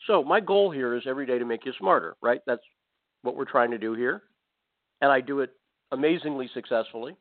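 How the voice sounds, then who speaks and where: Sarcastic talk radio host, tinny sound. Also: male voice, medium pitch, brisk. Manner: sarcastic, rambling asides. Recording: phone-like narrow band audio.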